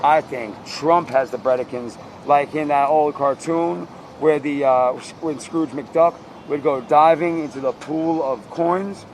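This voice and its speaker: A man's voice: a little high, measured pace, hardly any pauses, a little mellow, slight background noise. A man improvising a rambling, slangy comedic rant as host, mock-interviewing someone.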